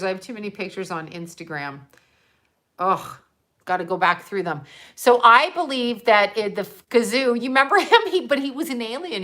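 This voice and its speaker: A woman's voice: medium pitch, pushed and bright. An older woman talking casually to her viewers, rambling from one topic to the next, laughing often and swearing freely while she scrolls through photos. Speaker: psychic vlogger.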